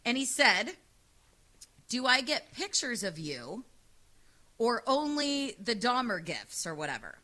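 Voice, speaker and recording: A woman radio host with a loud, sassy, animated way of talking, telling a dating story in casual chat. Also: fairly high pitch, unhurried, long pauses.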